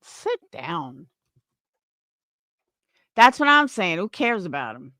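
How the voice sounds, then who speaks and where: A young woman vents on her stream in an angry, scornful, profane rant. Her pitch swings widely from high outbursts to low mutters. The recording is dry and close. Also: big pitch swings, slow pace, pushed and bright, no room sound. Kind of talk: livestream reaction rant.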